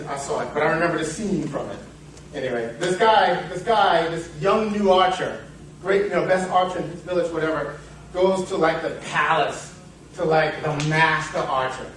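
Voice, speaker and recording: A man's voice: fairly high pitch, far from the mic, slight background noise. A man giving a motivational seminar talk, telling a parable in a rambling way with playful asides. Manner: rambling storyteller, self-interrupting, playful asides. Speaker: seminar speaker. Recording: echoey hall, picked up from afar.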